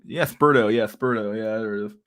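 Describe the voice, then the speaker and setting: A man's voice: lowish voice, fairly quick, a bit bright. Rambling, profane male streamer. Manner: rambling, profane, laughs often, mock outrage. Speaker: livestream host. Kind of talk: casual chat with live viewers.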